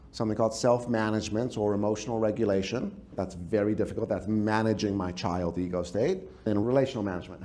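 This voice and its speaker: A man giving an animated workshop talk as a trainer, telling stories with sound effects and quizzing the audience. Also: lowish voice. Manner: lively storytelling with sound effects and audience questions. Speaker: speaker and trainer.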